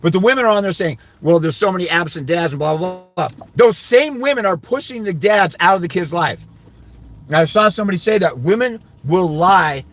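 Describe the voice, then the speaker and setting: A man giving fathers' rights custody advice, ranting indignantly during a livestream while answering comments. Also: high voice.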